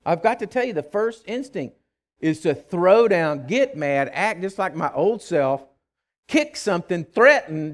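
A male pastor preaching a sermon, telling stories with emphasis, swinging from loud declarations to quiet asides and often restarting his words. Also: high-pitched, very animated, a little slow. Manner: frequent stammered restarts.

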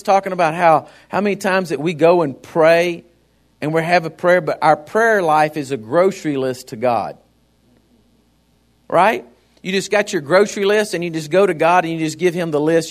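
A man's voice: on the high side, a little fast. A man preaching a sermon in a folksy, conversational way, often turning to the congregation with asides.

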